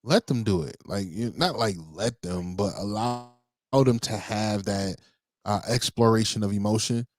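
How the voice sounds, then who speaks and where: A man co-hosting a podcast, telling parenting stories in a relaxed, rambling way full of fillers. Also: lowish voice, a little slow, no room sound. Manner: relaxed storytelling with many fillers. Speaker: podcast co-host. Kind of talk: casual chat.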